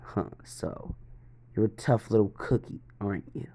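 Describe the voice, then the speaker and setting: A man voicing a smug, cruel adult captor, speaking in a low, mocking way. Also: a little slow, warm tone.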